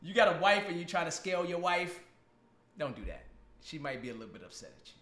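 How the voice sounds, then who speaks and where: A man's voice: a little high, big pitch swings, fast talker, a bit bright. A man hosting a casual live stream with a guest on a video call, joking, teasing and laughing often. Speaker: podcast host. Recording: roomy echo.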